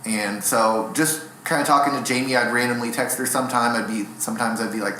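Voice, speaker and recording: A young man, a stand-up comic, talks through long, rambling, self-deprecating stories in a relaxed interview. His voice has a sharp, bright edge, and it rings around an echoey room with a faint hiss behind it. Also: mid-range voice, brisk, hardly any pauses. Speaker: stand-up comedian, guest. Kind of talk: casual interview storytelling.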